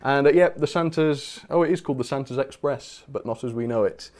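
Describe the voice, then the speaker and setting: A man's voice: medium pitch, a little fast, a little mellow. A man hosting a live stream, chatting casually and reading out viewer messages with bursts of enthusiasm. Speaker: channel host.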